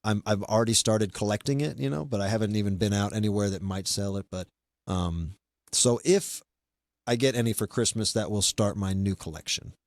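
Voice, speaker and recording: Low-voiced rambling man. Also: a little fast, dry recording. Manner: rambling, relaxed, many fillers and restarts. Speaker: podcast host being interviewed. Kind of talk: casual chat.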